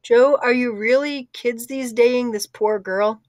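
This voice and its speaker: A woman's voice: a little high, slow pace, dry recording, pitched above the performer's own voice. Bubbly teen girl, read by a woman; chatty, upbeat, dry audiobook read. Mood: teasing. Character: cheerful teenage girl library helper, quick to laugh. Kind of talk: audiobook character voice.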